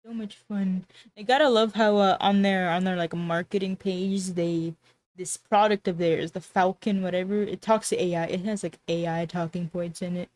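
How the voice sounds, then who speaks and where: A woman's voice: on the low side, steady tone, normal speed, darkish tone, no room sound. A woman streamer chatting casually and sarcastically, often trailing off and restarting her sentences. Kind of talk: casual livestream chat.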